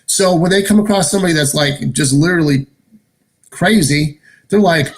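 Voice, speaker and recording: A man chatting as a guest, telling stories in a lively, rambling way. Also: on the high side, moderate pace. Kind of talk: casual chat.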